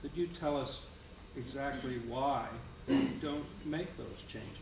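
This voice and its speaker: Male audience questioner, deliberate and pointed; distant in an echoey room. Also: medium pitch. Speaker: audience member asking a question. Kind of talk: question from the floor. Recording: echoey room, far mic, noise.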